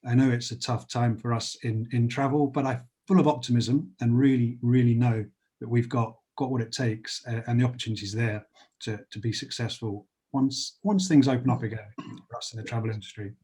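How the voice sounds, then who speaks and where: Upbeat husky man with a London accent. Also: medium pitch, fairly even intonation, a little fast, dark tone. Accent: London English. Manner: chatty, upbeat, with frequent fillers and restarts. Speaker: panelist. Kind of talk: panel introduction on a video call.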